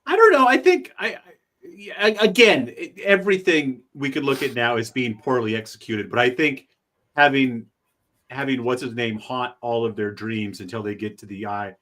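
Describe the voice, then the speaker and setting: Animated male podcast co-host. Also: medium pitch, normal speed. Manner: animated, jokey, defends his view. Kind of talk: casual chat reviewing a TV episode.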